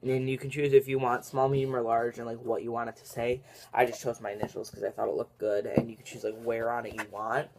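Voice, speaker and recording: A young vlogger chatting casually on camera in a daily vlog, rambling and filling every pause with "like" and "literally". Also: medium pitch, little pitch movement, creaky, heavy background noise. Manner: rambling, filler-heavy, says "like" and "literally" a lot.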